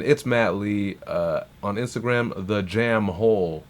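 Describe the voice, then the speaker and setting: A man's voice: on the low side, slow pace, hardly any pauses. A man hosting a livestream, reacting to rap verses in loose, profane, rambling casual talk full of restarts.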